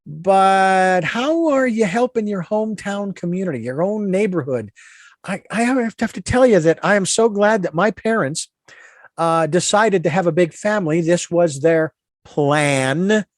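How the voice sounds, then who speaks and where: High-voiced earnest male radio host. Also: lively intonation, a little slow, dry recording, studio quality. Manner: earnest, meandering, moralizing. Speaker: radio talk show host. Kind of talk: radio interview talk.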